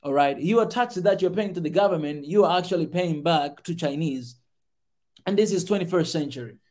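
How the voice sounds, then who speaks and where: A man's voice: fairly high pitch, normal speed, a little mellow. A male podcast host giving passionate commentary on a video, emphatic and repeating his key words again and again.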